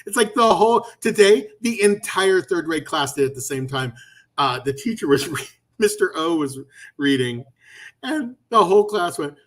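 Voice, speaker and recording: A man co-hosting a casual talk stream, telling animated stories and laughing often. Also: high-pitched, normal speed. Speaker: co-host. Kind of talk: casual chat. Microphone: home streaming setup.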